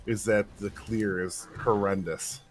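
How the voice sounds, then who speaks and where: A man's voice: lowish voice, measured pace, over music. A man co-casting an esports match, giving play-by-play commentary in a joking, easygoing way. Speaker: esports co-caster. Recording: steady background noise.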